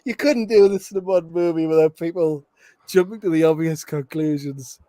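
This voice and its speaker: A man's voice: fairly high pitch, a little fast, mellow, dry recording. A man hosting a casual movie commentary, rambling with restarts and frequent laughs. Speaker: film commentary host.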